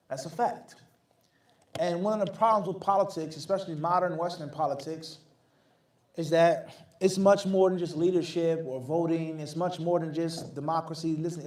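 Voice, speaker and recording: A man, an Islamic scholar, answering audience questions in a firm, emphatic, explanatory lecture style. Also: fairly high pitch. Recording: echoey room, mic at a distance.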